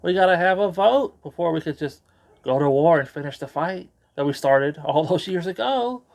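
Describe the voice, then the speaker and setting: A man voicing a cautious female politician in a high, fretting falsetto. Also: lively intonation, moderate pace, gravelly. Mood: fretful.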